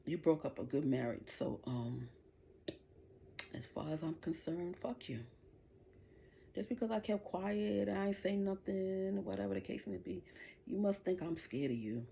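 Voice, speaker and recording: A woman's voice: fairly low pitch, lively intonation, measured pace, vocal fry, dark tone. A middle-aged woman hosting a livestream, delivering an angry, profane, taunting rant straight at the people she is addressing. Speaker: livestream host.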